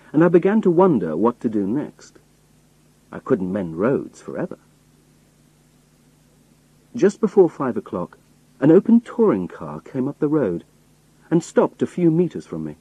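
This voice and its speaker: Man narrating with a husky, dark voice. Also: medium pitch, no room sound, low-quality recording. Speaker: audiobook narrator. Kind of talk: scripted first-person narration.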